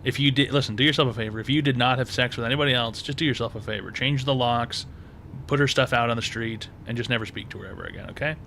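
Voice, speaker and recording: A man's voice: mid-range voice, fast talker, creaky, bright, forceful tone, slight background noise. Crude, emphatic male advice host. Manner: crude, emphatic, repeats himself. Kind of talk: blunt call-in advice rant.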